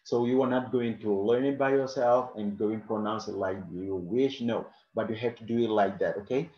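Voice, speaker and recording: A man's voice: fairly low pitch, moderate pace, reverberant, muffled recording. A man teaching an English lesson live online, answering questions from the chat and often adding "okay" and "of course".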